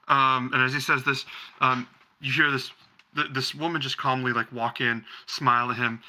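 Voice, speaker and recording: A man's voice: mid-range voice, flat delivery, moderate pace, sharp tone. A man narrating as game master in a tabletop game, rambling loosely with many ums.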